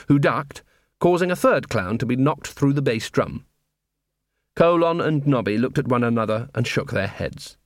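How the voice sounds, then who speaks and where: A man narrating an audiobook with dry, measured storytelling. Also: mid-range voice, fairly bright tone, dry recording. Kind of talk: scripted narration.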